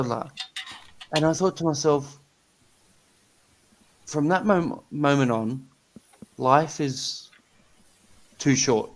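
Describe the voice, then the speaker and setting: A man on a video call telling a personal story in a blunt, sweary, earnest way with halting restarts. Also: on the high side, rough recording. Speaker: guest on a live stream. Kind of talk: casual chat, personal story.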